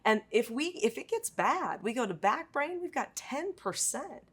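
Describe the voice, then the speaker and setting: Woman parenting expert, confident, explanatory, a bit high-pitched. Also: big pitch swings, moderate pace, a bit bright, breathy edge. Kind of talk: casual chat.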